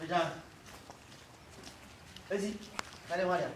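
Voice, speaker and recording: A comic actor with a Ghanaian accent bantering fast and teasingly in a comedy skit. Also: medium pitch, fairly even intonation. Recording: faint background noise.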